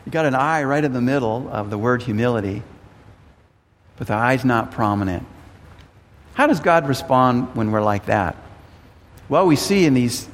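Male pastor, earnest sermon delivery, mid pitch, long church-hall reverb. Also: expressive, normal speed, long pauses. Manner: earnest, repeats words while thinking.

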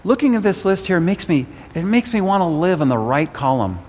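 A man's voice: high voice, very animated, brisk, a little mellow, big-room sound. A man preaching an earnest sermon, often repeating words as he works out a thought. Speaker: pastor.

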